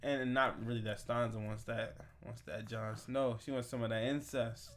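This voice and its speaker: A man co-hosting a casual podcast, talking loosely and breaking into loud, laughing exclamations. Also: mid-range voice, fairly even intonation, normal speed, slight background noise. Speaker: podcast co-host. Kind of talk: casual chat.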